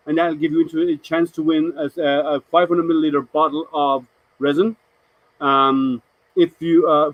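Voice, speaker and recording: Male streamer, chatty and halting, answers chat, slightly high voice, dry room. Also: dry recording, muffled recording. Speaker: live stream host. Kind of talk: casual live stream chat.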